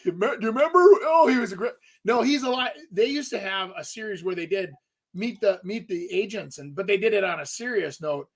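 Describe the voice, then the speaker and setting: A man's voice: high-pitched, lively intonation, brisk. A middle-aged man co-hosting a real estate radio show, chatting casually and rambling with many restarts. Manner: rambling, restarts, lots of fillers. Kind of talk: casual talk radio chat.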